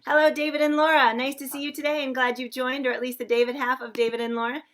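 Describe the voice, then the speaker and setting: A woman with a high, bright voice hosts a livestreamed sing-along, effusive and chatty as she greets viewers by name one after another. She speaks from a room shared with other singers. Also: little pitch movement, quick pace. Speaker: host of a daily online sing-along.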